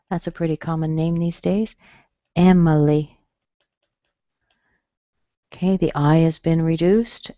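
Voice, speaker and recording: Lady teaching pronunciation online, real slow, says every word again, kinda lowish voice. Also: dark tone, no echo, lo-fi sound. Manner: slow, careful, repeats words for practice. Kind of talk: online class. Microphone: computer mic on a webinar.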